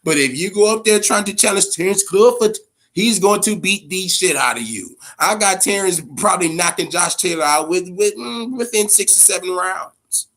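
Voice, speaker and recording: A man hosting a boxing commentary vlog, ranting casually in a profane, blunt, animated way. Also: high voice, normal speed. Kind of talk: casual opinion rant.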